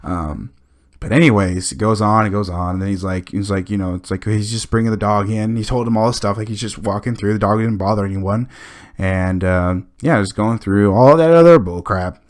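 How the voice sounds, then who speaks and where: A podcast host telling a long rambling story in casual chat, full of restarts and fillers, acting out what people said. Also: male voice, on the low side, moderate pace.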